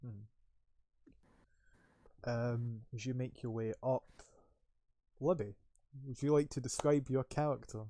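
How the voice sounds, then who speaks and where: A man's voice: mid-range voice, steady tone, unhurried, pauses often, dark tone. A man running a tabletop game as game master, narrating loosely with many fillers.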